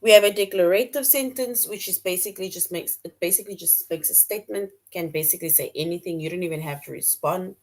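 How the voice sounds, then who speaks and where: A woman's voice: fairly low pitch, quick pace, hardly any pauses. A woman teaching a middle-school grammar lesson, repeating key points and explaining with examples.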